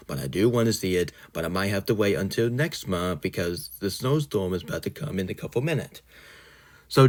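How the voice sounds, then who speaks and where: A man hosting his own channel, ranting indignantly in a casual vlog style, loosely worded and full of fillers. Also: on the low side. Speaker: channel host.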